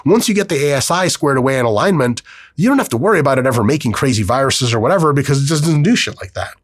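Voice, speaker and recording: Male podcast host, solo monologue, husky and lively, dry close sound. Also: medium pitch, no echo. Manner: animated, profane, acts out quick voices in his story.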